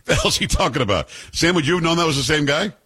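A man's voice: a little high, animated, fast, bright, forceful tone. A man hosting a political commentary show, talking bluntly and sarcastically about the clips he plays. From New York. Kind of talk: opinionated commentary on played clips.

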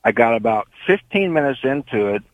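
A man's voice: medium pitch, sing-song, a little fast, no echo, poor audio. An older man calling in from Indiana, telling a long rambling story with many fillers. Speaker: caller. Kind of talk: phone-in call.

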